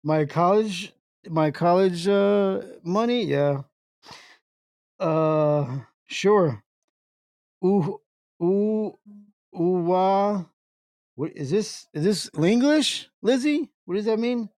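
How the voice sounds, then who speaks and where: A man hosting a casual internet radio show, reading chat messages aloud in a slow, halting way and breaking into laughter. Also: sits high, expressive, a little mellow, dry recording, clean studio sound.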